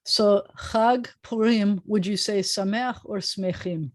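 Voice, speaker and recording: Chatty woman rabbi teaching on a video call. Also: mid-range voice. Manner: chatty, animated, drawn-out slow pronunciations of words. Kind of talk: casual online language lesson. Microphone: computer mic on a video call.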